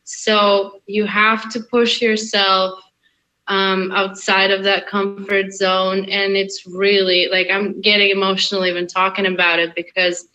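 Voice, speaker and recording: Slow, bright-voiced woman with light Russian accent. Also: medium pitch, poor audio. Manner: earnest, emphatic, repeats phrases. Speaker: actress guest. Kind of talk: casual interview chat.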